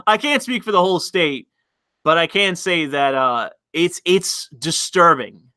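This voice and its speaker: A man's voice: a little high, slow, pushed and bright, clean tone, dry recording. A man hosting a casual livestream, reading chat messages aloud and commenting bluntly, with frequent fillers and restarts.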